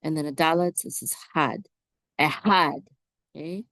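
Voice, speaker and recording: Slow patient woman teaching Hebrew. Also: low-pitched, fairly bright tone, no echo. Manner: slow, drawn-out repetition, prompting listeners to say words back.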